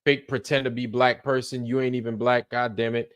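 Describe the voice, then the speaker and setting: A man's voice: mid-range voice, flat delivery, fairly quick, hardly any pauses, clear, resonant tone. A man hosting a late-night livestream, rambling loosely, swearing freely and repeating himself as he trails off. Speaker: livestream host.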